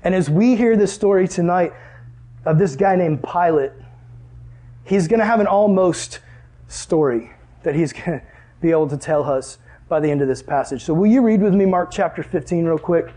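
A young man with a high, bright voice preaches to a youth group. He is casual and jokey, and he acts out both sides of a conversation with big swings in pitch. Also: normal speed. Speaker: youth pastor. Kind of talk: sermon with storytelling.

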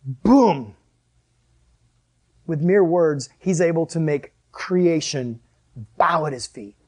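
A man preaching a sermon as a pastor, animated and joking, often laughing between points. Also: a little high, unhurried.

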